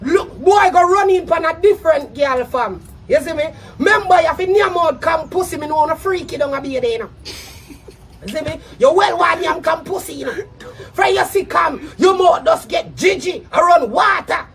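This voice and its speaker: Jamaican guy yelling a diss in patois, super high voice, faint traffic noise behind. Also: animated, normal speed, far from the mic. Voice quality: shouty patois, loud laughter between threats. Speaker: social media personality. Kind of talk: angry diss rant to camera.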